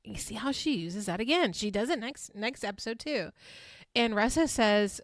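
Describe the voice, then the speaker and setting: A woman past her twenties hosts a podcast recapping a reality show, keeping it casual and chatty. Her voice sits fairly high and sounds animated at a moderate pace, recorded clean in a studio with no echo. She talks frankly, swears freely, and laughs often between filler words.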